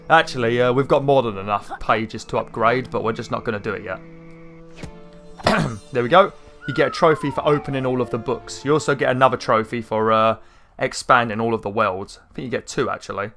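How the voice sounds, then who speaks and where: Throat-clearing man chatting over gameplay. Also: mid-range voice, brisk, fairly bright tone, faint music behind. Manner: chatty, rambling asides. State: irritated throat, keeps clearing it. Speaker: gaming YouTuber. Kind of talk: casual gameplay commentary.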